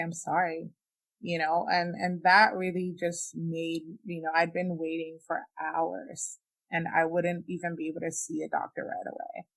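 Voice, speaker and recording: A woman's voice: fairly low pitch, a bit bright. A young woman, a podcast guest, frankly and emotionally recounting a personal experience, with many "like"s and "you know"s. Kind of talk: candid personal storytelling.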